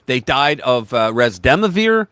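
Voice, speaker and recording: A man's voice: mid-range voice, measured pace, clean tone, dry recording. A man hosting a casual political livestream chat, talking emphatically and animatedly with many restarts. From United States. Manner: animated, emphatic, talks over himself with restarts and quoted voices.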